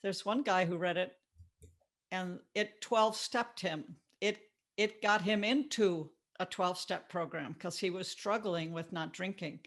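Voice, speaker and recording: A woman author speaking as an interview guest, talking in a warm, thoughtful way and laughing easily. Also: lowish voice, measured pace. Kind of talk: casual interview chat. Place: Florida.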